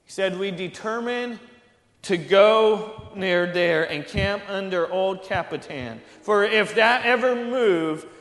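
A man preaching a sermon, slow and earnest, building to emphatic high peaks. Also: a bit bright, echoey room, in a large hall.

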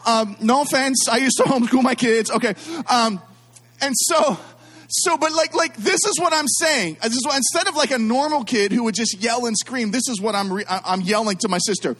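A man with a notably high voice delivers a storytelling sermon. He is middle-aged and animated, with self-deprecating jokes and frequent asides to the congregation. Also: brisk.

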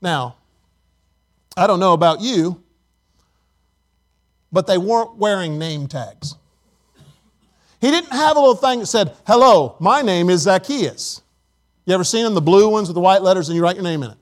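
A man's voice: high voice, lively intonation, moderate pace, long pauses. A middle-aged male pastor preaching a sermon emphatically, calling on the congregation for responses.

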